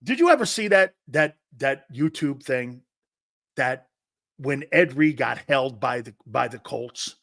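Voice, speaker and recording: A man hosting a football talk show in a brash, loud, profane and mocking monologue. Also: mid-range voice, animated, a little slow, gravelly, no echo, studio quality. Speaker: sports talk show host.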